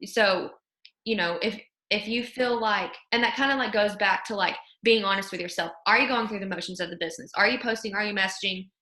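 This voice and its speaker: Chatty woman host, bright voice, lots of "like", roomy echo. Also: medium pitch, fairly quick. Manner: chatty, fills with "like" and "you know". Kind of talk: casual motivational chat.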